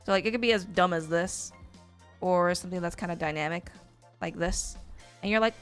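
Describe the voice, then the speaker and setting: A woman's voice: fairly low pitch, a little fast, long pauses, faint music behind. A woman teaching a live-stream drawing lesson, chatty and rambling with lots of fillers. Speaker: art teacher.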